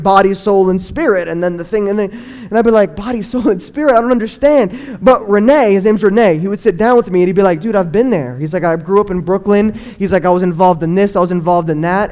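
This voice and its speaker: A young man giving an earnest personal faith testimony, telling his story and acting out what people said in lively bursts. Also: sits high. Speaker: testimony speaker.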